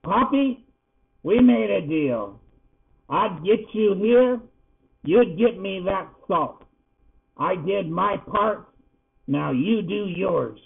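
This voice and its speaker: A man's voice: high voice, lively intonation, slow, pauses often, pitched above the performer's own voice, full character voice. A man voicing a grumpy, demanding old male porcupine who grumbles his words. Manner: gruff, grumbling. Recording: tinny phone-like sound.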